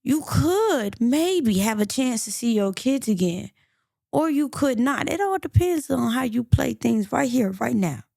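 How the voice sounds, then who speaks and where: A woman's voice: fairly high pitch, big pitch swings, measured pace, gravelly, warm tone, no echo, clean studio sound, pitched above the performer's own voice, exaggerated voice. A woman voicing a coaxing good-cop male detective. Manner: persuasive, urging.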